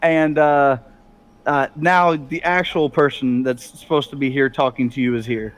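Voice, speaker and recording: A man's voice: medium pitch, steady tone, moderate pace. A man narrating a tabletop role-play as game master, laughing often as he improvises the story.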